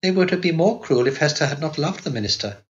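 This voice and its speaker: A man's voice: a little high, lively intonation, fast, muffled recording, pitched above the performer's own voice, natural voice. A man reading an audiobook aloud, voicing a naive, childlike young woman with a light, girlish voice. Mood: wistful.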